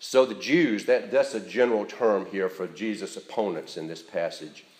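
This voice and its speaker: A man preaching a sermon as pastor in a church, earnest and deliberate, stressing key words as he speaks. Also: lowish voice, a little mellow, echoey room.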